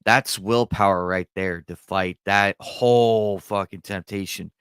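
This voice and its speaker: A man's voice: low-pitched, steady tone, unhurried, a bit bright, clear, resonant tone, no echo. Rambling, foul-mouthed man in casual chat. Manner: loose, rambling, swears freely. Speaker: co-host of a movie reaction channel. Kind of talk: casual chat about films.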